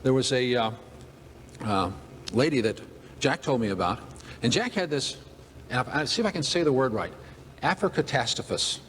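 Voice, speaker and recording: A man's voice: mid-range voice, sing-song, moderate pace, long pauses, a bit bright, a little hiss or hum. A man giving a humorous motivational talk to an audience, telling folksy stories. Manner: folksy, joking, acts out characters. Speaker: motivational speaker. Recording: long hall reverb, faint ambience.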